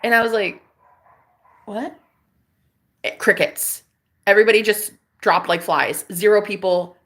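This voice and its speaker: A woman vlogger speaking to her audience in a loose, unscripted monologue. Her voice sits at an ordinary middle pitch, and her delivery is candid and emphatic, peppered with curse words. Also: moderate pace, fairly bright tone. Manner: candid, profane, emphatic self-talk. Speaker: content creator. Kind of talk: casual vlog monologue.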